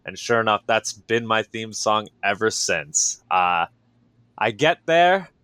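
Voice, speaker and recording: A man with a smooth, clear voice tells stories from his career in a casual interview. He is keen and animated, full of fillers and asides. The sound is close and dry. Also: lowish voice, slow pace, dry recording. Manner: energetic, enthusiastic storytelling with many fillers. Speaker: wrestler, interview guest.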